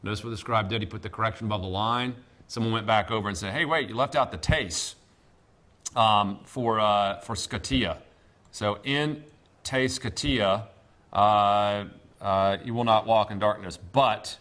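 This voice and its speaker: A man teaching a classroom Greek lesson, speaking deliberately with many pauses and fillers. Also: fairly low pitch, a bit bright. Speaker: seminary professor.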